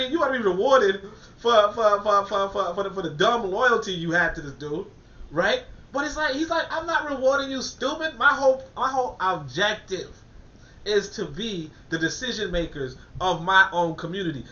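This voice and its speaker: A man's voice: sits high, bright, forceful tone. A man reading a political text aloud and commenting on it in a colloquial, emphatic way, often repeating words as he thinks. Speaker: commentator reviewing a political document. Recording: echoey, dull-sounding room.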